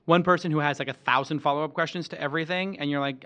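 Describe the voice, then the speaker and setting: Bright-voiced playful male host. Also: fairly high pitch, fast, hardly any pauses. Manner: animated, playful, jokey. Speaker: podcast host. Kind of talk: casual interview talk.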